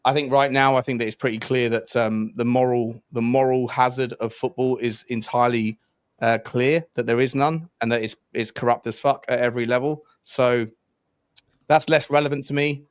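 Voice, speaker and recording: A man on a casual football podcast panel, with an average pitch and a dry, close sound. He talks in a halting, thinking-aloud way as he builds his points. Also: fairly even intonation, clean tone, dry recording. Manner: halting, many fillers and restarts while forming opinions.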